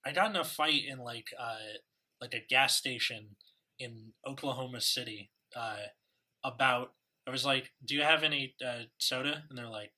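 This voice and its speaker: A man's voice: mid-range voice, normal speed, bright, forceful tone. A man co-hosting a comedy podcast, laid-back and wry. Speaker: podcast co-host. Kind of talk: casual podcast chat.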